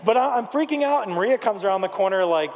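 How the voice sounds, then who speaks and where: Man, 30s, pastor, high tenor, animated storyteller, long hall reverb. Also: fast, highs cut off. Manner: lively storytelling, acts out quotes, jokes with the congregation. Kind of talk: sermon. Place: church auditorium, live service.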